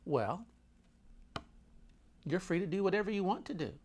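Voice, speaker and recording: A man's voice: high-pitched, sing-song, moderate pace, darkish tone, slight background noise. A man telling a travel story casually, wandering off into asides and restarting his sentences. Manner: meandering, full of restarts and asides.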